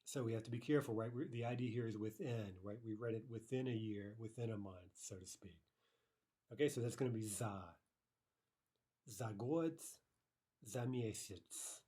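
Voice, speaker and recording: A man with a low voice teaching a language lesson. He explains grammar in a patient, step-by-step way, often checks in with "right?" and slows down to repeat example phrases carefully. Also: warm tone, slightly rough. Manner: explanatory, frequent "right?" checks, slow careful Russian repetitions.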